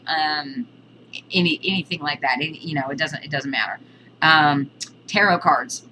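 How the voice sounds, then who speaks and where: A woman with a low-pitched yet bright, forceful voice teaches a casual video lesson. She explains terms in a halting way, listing examples one by one. A faint hum sits behind her. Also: rough recording. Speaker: witchcraft teacher.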